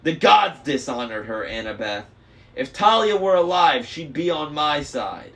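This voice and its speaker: A man voicing a smug young male traitor demigod, smooth, mocking and persuasive. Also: medium pitch, expressive, measured pace, natural voice. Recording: faint noise, slightly distant mic.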